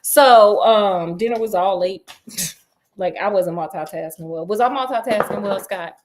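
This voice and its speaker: A woman's voice: mid-range voice, a little slow, a little hiss or hum. A woman retelling a book in a sassy, chatty, comedic way with laughing asides. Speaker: storyteller.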